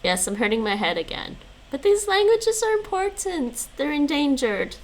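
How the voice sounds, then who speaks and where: Over poor-quality audio, a woman with a high voice and wide pitch swings streams her language practice at a normal pace. She repeats words after an app and chats casually with viewers, laughing often.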